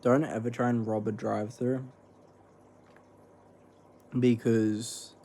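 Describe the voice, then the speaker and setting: A young male vlogger snacks while chatting in a rambling, slangy eating vlog, swearing freely. His mid-range voice is slow, flat, and dark with vocal fry, and there's slight background noise.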